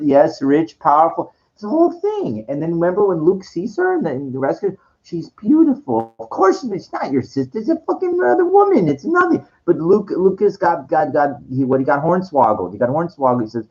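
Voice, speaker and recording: A man talking in a rambling, casual monologue, full of restarts and fillers, sometimes dropping into a low slow voice to quote lines. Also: sing-song, darkish tone, dull audio.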